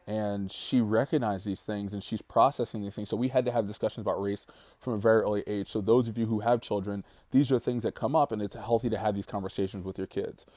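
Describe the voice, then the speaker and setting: A man in his thirties giving an earnest, reflective personal vlog monologue while grieving, slowing down on the heavy words. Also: on the low side, steady tone, warm tone, dry recording. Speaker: vlogger.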